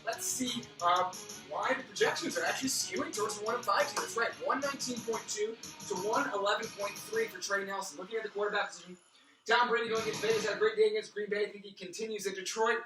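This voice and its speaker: A man's voice: high-pitched, fairly even intonation, quick pace. A man hosting a mock sports-analyst fantasy football preview. He rambles off into pun tangents while losing his voice. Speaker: fantasy football league host. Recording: roomy, distant mic with music behind.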